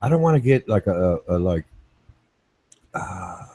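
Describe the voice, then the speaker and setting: Low rambling man in casual chat. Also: sing-song, a little slow, dark tone, no room sound. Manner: rambling, many restarts and "right?" checks. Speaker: show host.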